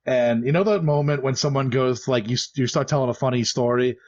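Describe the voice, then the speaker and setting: A man's voice: mid-range voice, fairly quick, darkish tone, highs cut off. A man co-hosting a podcast, telling a story in a rambling, hesitant way. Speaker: podcast co-host. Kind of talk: casual podcast chat.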